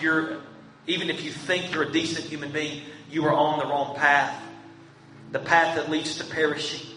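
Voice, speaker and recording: A man's voice: on the high side, pushed and bright, recorded from a distance. Male pastor, earnest and pleading, heard from afar in a reverberant sanctuary with faint background hum. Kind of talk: sermon. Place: church sanctuary. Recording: echoey church room from afar, faint hum.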